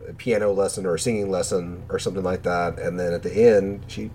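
A man in casual podcast chat, slangy and animated, who jumps into high squeaky voices when quoting film scenes. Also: fast, slight background noise. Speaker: podcast guest.

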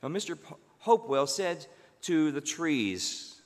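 A man preaching, telling a story in a slow, gentle manner with thoughtful pauses. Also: on the high side, big pitch swings. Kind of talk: sermon storytelling. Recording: long hall reverb.

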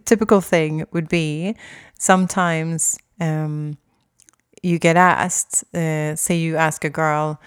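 A woman in her forties talks off the cuff in a fairly low voice. She rambles, restarts her sentences and leans on fillers. Her speech stays frank and a little sweary. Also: steady tone, slow, clear, resonant tone. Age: 40s. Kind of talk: casual chat.

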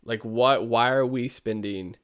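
A man's voice: medium pitch, measured pace. A man giving casual, critical commentary while reviewing a sermon clip, talking loosely with fillers. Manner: conversational, critical, frequent fillers. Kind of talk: video commentary.

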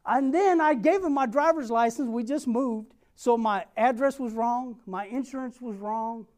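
Animated young man preaching a sermon. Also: very high-pitched, normal speed. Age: young adult. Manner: animated storyteller acting out dialogue; repeats a rallying question. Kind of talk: sermon with personal testimony.

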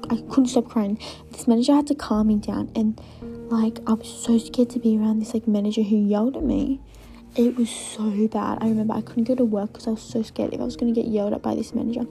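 Gravelly young woman rambling on a podcast. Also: a little high, little pitch movement, a little fast, warm tone, faint music behind. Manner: rambling, filler-heavy, drops to whispers. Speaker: podcast host. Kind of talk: casual storytelling monologue.

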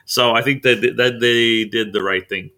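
A man co-hosting a casual podcast chat about wrestling, talking in halting bursts with many fillers and restarts, chuckling now and then. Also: medium pitch, fairly even intonation, sharp tone. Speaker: podcast co-host.

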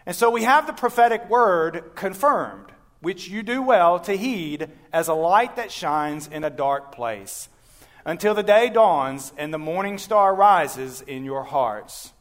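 A man with a slightly raised pitch reads scripture aloud to a congregation. He is earnest and now and then stumbles or adds a filler before reading on. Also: animated, takes it slowly. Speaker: scripture reader.

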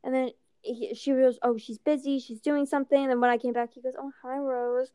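A high-voiced young woman tells a casual story with animated energy, slipping into the voices of people she quotes. Her voice is recorded close and dry, with no room echo. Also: a little fast, clean tone. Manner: animated, acts out quotes, swears.

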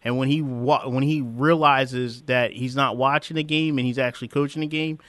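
A man's voice: medium pitch, steady tone, normal speed, a bit bright, no echo. A man hosting a casual sports podcast, talking emphatically and repeating phrases for effect as he vents. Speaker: podcast host.

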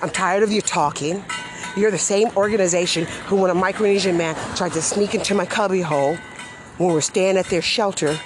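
A woman's voice: fairly low pitch, fairly even intonation, a little fast, over music. An indignant mother ranting angrily and profanely about how an agency has treated her. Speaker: mother venting about social services. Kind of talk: angry monologue rant.

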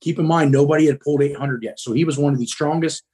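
A man's voice: fairly high pitch, steady tone, fast talker, mellow, husky. Blunt, profane middle-aged man. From Midwest US. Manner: blunt, profane, frequent ums. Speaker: guest. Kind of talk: casual storytelling.

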